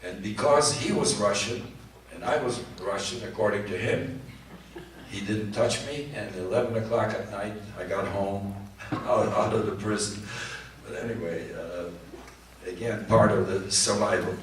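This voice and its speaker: An older man from Poland giving personal testimony to students, speaking haltingly and repeating words. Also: on the low side. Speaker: Holocaust survivor speaker. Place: large hall at a community event. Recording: echoey hall from far off, faint noise.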